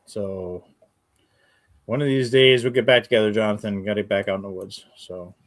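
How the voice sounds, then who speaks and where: A man's voice: fairly low pitch, steady tone, normal speed. A man co-hosting a livestream, casually reading out viewer comments and poll results. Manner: easygoing, reads out comments and polls. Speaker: co-host.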